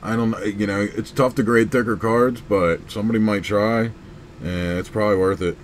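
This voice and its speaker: A man's voice: on the low side, moderate pace, slight background noise. Chatty man opening trading cards. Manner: excitable, shouts and whoops over big pulls; rambling, chatty asides. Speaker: card breaking channel host. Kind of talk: casual card-opening vlog.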